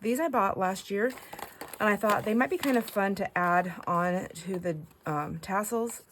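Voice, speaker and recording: A middle-aged woman hosting a casual crafting vlog. She chats warmly to viewers, gushing and laughing, with frequent restarts. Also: mid-range voice, a little slow, slight background noise, rough recording. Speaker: craft channel host.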